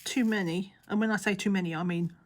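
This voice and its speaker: A woman's voice: mid-range voice, fairly even intonation, fast. A woman chatting casually as she works on a craft, mumbling and half-whispering to herself. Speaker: crafting vlogger. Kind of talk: casual chat while crafting.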